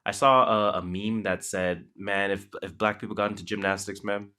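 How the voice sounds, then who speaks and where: A man's voice: on the low side, level tone, brisk, pushed and bright. A man with a Toronto accent co-hosting a podcast in laid-back casual chat, swearing freely and leaning on fillers. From Canada. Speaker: podcast co-host.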